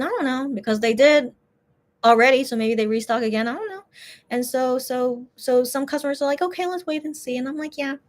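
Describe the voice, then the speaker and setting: Exasperated woman recounting a shopping fiasco. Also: high voice. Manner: animated, exasperated retelling with restarts. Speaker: shop owner telling a story. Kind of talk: casual storytelling chat.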